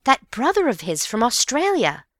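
A woman voicing an excitable, gossipy young woman in a story. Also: on the high side, normal speed, dry recording, studio quality, pitched above the performer's own voice. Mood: excited. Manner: excited, chattering.

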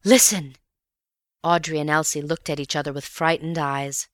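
Low-voiced woman narrating an audiobook. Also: fairly quick, no echo, clean studio sound. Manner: expressive storytelling.

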